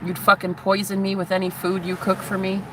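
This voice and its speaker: A spiritual vlogger in her thirties delivers a heated, profane, taunting rant to the camera. Her medium-pitched voice is brisk yet completely flat in delivery, with background noise audible.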